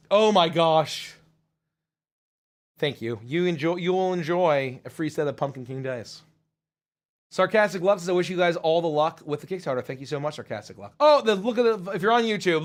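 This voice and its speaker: A man hosting a live stream, reading out chat comments with loud excitement and casual swearing. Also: moderate pace. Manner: excited, swears casually, swings from loud hype to low mumbles. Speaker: livestream host.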